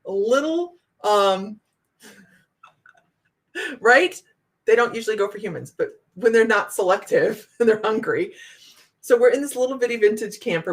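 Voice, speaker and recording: A woman from Ohio, a psychic host telling viewers a story in a casual way, animated and laughing often. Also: mid-range voice.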